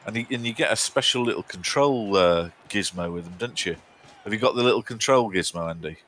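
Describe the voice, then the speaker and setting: A man's voice: on the low side, a little fast, fairly bright tone. A man co-hosting a live game stream, chatting casually with a teasing, rambling manner and mock outrage. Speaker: co-host.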